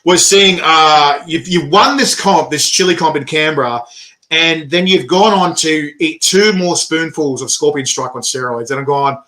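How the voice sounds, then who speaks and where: An Australian man hosting a casual chat, excitable, laughing often, heard over a video call. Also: fairly high pitch, moderate pace. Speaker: host.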